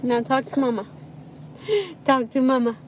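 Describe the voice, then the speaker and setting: A woman's voice: a little high, flat delivery, normal speed. A mother filming her baby at home, coaxing him in a sing-song, repetitive baby-talk voice. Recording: home video with background noise.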